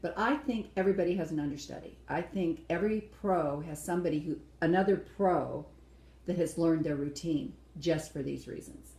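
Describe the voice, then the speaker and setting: Woman co-host, blunt and opinionated; low, mellow voice; echoey room. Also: fairly quick. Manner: opinionated, blunt, acts out quotes. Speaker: co-host reviewing a dance show. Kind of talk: casual chat review.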